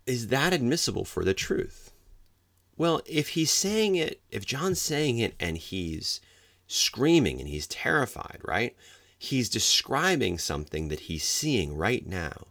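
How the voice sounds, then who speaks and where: A man's voice: lowish voice, very animated, a little slow, vocal fry, dry recording, clean studio sound. A middle-aged man lecturing law enforcement on the hearsay rule, explaining step by step and acting out the examples he quotes. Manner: explanatory, acts out quoted examples with sudden loud outbursts. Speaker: legal trainer for law enforcement.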